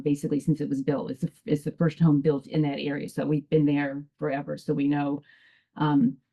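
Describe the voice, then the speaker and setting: A woman speaking at a town meeting, giving public testimony in a low, mellow voice. She rambles and restarts her sentences often. The sound is dull and lo-fi, like a public access broadcast. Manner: hesitant, rambling retelling full of restarts. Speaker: resident addressing a town commission.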